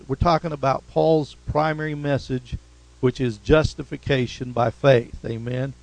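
A man's voice: mid-range voice, gravelly, no room sound, rough recording. A man preaching a sermon as pastor, punctuating points with "amen?" and rising to emphatic repetitions. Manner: call-and-response preaching, repeated "amen?".

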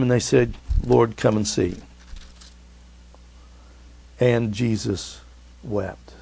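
Gravelly-voiced man preaching a sermon. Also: mid-range voice, slow pace, long pauses. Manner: preaching with swings from loud urging to hushed tenderness. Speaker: pastor.

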